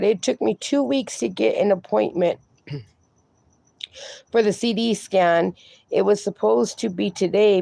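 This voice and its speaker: A woman's voice: mid-range voice, creaky, warm tone, no room sound. A woman hosting a casual livestream, reading viewer comments aloud and chatting, swearing freely. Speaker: livestream host reading chat.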